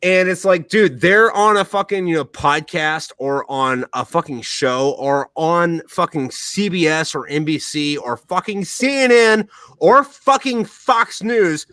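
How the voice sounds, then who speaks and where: A man's voice: a little high, measured pace, few pauses, pushed and bright, clean tone, no echo, low-quality recording. A man hosting a podcast, ranting heatedly and swearing constantly in a casual, tipsy way. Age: adult, military veteran. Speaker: podcast host. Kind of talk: profane casual rant.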